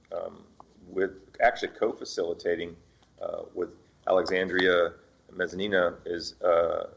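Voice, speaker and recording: An older man hosting his own radio show, giving a gentle spiritual talk with many pauses and fillers. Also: low-pitched, gravelly, slightly rough. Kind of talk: reflective solo talk. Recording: dull lo-fi sound.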